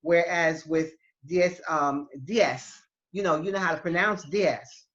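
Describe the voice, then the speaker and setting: A woman teaching Spanish in an online class, explaining patiently with halting restarts over a video call. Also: lowish voice, lo-fi sound.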